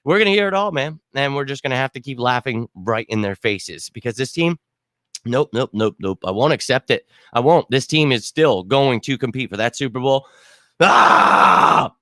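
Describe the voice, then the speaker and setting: A man hosting a sports fan show, ranting bluntly and swearing after a loss, his throat hoarse from screaming. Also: mid-range voice, moderate pace, no echo, clean studio sound. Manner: fired-up, blunt, swears, repeats himself. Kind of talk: casual postgame fan rant.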